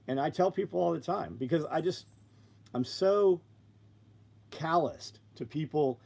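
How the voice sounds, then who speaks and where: A man's voice: fairly high pitch, unhurried, gravelly, long pauses. Profane, blunt man telling stories. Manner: profane, animated, acts out both sides of conversations. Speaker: business owner on a live stream. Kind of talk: blunt casual storytelling.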